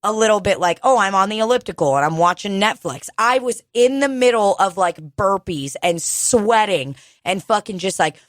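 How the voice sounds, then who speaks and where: A woman's voice: medium pitch, expressive, no room sound. Young woman, casual podcast co-host, blunt and profane, dry close sound. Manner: candid, swearing, talks fast when quoting herself. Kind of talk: casual chat.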